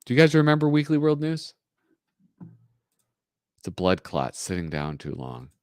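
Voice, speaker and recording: A man hosting a live stream, reading comics aloud in an animated, joking way and laughing often. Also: medium pitch, normal speed, clear, resonant tone, dry recording, clean studio sound. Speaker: host.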